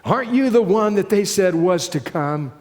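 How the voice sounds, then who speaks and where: A scornful condemned man on a cross, spitting out taunting questions in a raised, higher voice, as a preacher acts him out. His bitter jeering rings through a long, echoing hall. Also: lively intonation, normal speed, a little mellow. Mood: mocking. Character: bitter mocking crucified male criminal.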